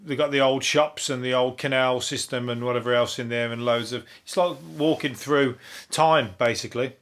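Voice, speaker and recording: A man with a Brummie accent from Birmingham, hosting a comedy podcast in a rambling, chuckling monologue with dry deadpan asides and free swearing. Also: medium pitch, normal speed. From Birmingham, England. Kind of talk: casual topical comedy monologue.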